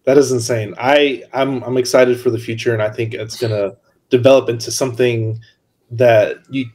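A man's voice: mid-range voice, steady tone, moderate pace, darkish tone. A man hosting a podcast who reacts to his guest with enthusiasm and wraps up the episode. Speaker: podcast host. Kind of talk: casual podcast interview.

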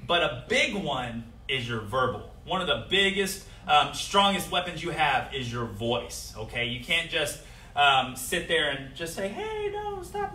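A young man teaching children a safety lesson as a martial arts instructor, coaching energetically and shouting out example phrases for them to repeat. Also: on the high side, echoey room, recorded from a distance, slight background noise.

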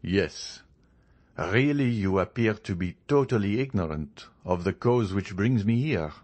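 Man reading proud young storybook nobleman, cold, formal, determined, lowish pitch. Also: animated, measured pace, a little mellow. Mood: indignant.

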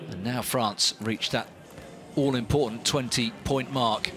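A man's voice: medium pitch, a little slow, crowd noise. Man calling volleyball play-by-play. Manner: animated, rising with big points. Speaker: sports commentator. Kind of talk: live play-by-play commentary.

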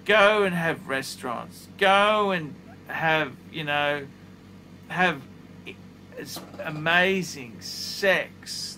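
A man's voice: a little high, bright, forceful tone, slight background noise. A man in his fifties giving blunt, profane, emphatic advice, talking casually in his office studio. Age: 50s. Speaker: watch reviewer.

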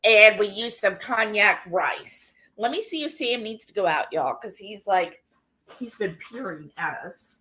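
Her voice sits in the mid range, bright and forceful, with lively intonation and an unhurried pace. She hosts a cooking livestream at home, chatting and rambling through many fillers as she reads viewer comments aloud.

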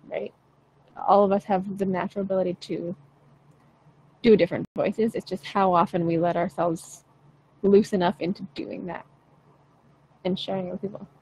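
A woman's voice: medium pitch, darkish tone, slightly rough, low-quality recording. A young adult woman teaching singing in a casual, chatty way, frank and playful, swearing now and then. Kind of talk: casual livestream voice lesson.

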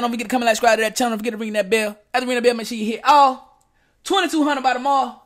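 A man's voice: very high voice, fairly even intonation, very fast, fairly bright tone. A man hosting a reaction video, talking in slangy, casual commentary straight to his viewers.

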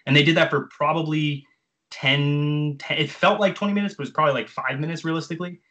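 Fast-talking bright-voiced young man. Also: a little high, muffled recording. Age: 20s. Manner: animated, profane, filler-heavy. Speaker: jump training coach. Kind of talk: casual storytelling.

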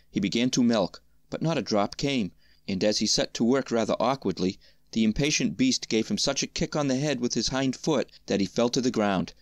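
A man reading a fairy tale aloud as storyteller, in a measured, even manner. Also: lowish voice, no echo, clean studio sound.

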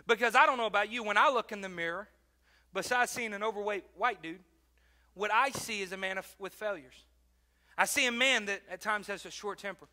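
A male pastor delivering a sermon with a very high, bright, keen-edged voice. He swings from loud, emphatic bursts to quiet, close asides and repeats key phrases for weight.

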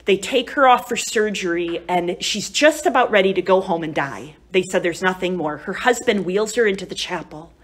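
A woman's voice: on the low side, expressive, normal speed, few pauses. A woman giving a live retreat talk to a group, telling stories in a chatty, conversational way and often asking "right?" and "you know?". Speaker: retreat speaker.

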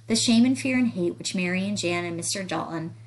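Woman narrating a novel in a measured voice. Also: lowish voice, low-quality recording. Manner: measured, even reading of descriptive prose. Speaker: audiobook narrator. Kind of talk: literary audiobook reading.

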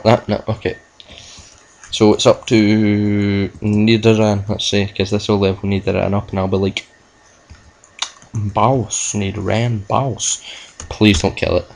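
Low-voiced young man gaming. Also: creaky, a little mellow, slight background noise, low-quality recording. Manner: rambling, self-mocking, swears at the game. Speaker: gamer. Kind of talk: video game playthrough commentary. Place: at home with a laptop.

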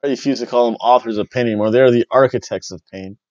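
A man hosting a wrestling review podcast, rambling and joking, jumping between loud bursts and mumbled asides. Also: medium pitch, fast, no room sound, dull audio. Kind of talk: casual review chat.

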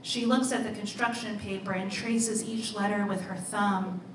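A woman author reading her own story aloud in a measured, deliberate way. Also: mid-range voice, steady tone, noisy background. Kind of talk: literary reading. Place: live reading event. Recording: roomy, distant mic, faint ambience.

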